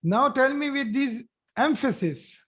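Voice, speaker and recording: His voice is extremely high-pitched, animated and fairly bright, with a husky texture. He's leading an Arabic grammar lesson over a live video call, saying each phrase slowly several times and praising students as they respond.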